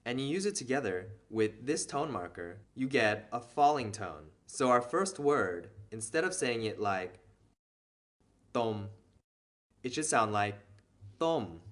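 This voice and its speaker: A man's voice: medium pitch, fairly bright tone. A man patiently explaining a beginner reading lesson step by step, as the teacher of a language video series.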